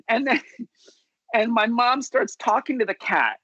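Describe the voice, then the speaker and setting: Husky man telling a funny family story. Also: very high voice, animated, unhurried, pauses often, sharp tone, no echo, muffled recording. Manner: chatty, self-amused, lots of fillers. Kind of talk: personal story told at a virtual story slam. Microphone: video call.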